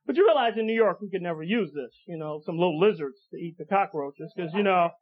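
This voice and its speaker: A man doing a stand-up comedy routine on stage, animated and full of asides. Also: sits high, fast talker, a crowd in the background. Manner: animated, jumps into character voices. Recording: dull old tape, loud laughing audience.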